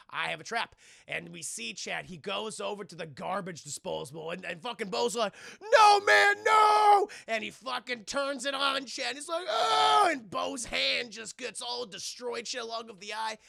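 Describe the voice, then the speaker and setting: Young male streamer, bright gravelly voice, dry sound, profane and animated. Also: high voice, no room sound. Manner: profane, excitable, acts out characters' lines with yelps. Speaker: streamer reviewing a film for his chat. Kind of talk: animated spoiler recap to live chat.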